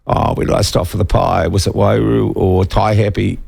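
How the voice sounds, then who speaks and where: A man's voice: on the low side, flat delivery, moderate pace, creaky, darkish tone, husky. A man with a New Zealand accent hosting a radio talk show, chatty and prone to joking asides. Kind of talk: conversational radio interview.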